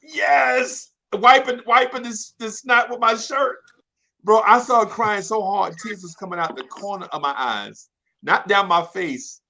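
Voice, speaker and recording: High, bright-voiced man telling stories. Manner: animated, slangy, laughs through his story. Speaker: podcast storyteller. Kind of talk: casual chat, storytelling.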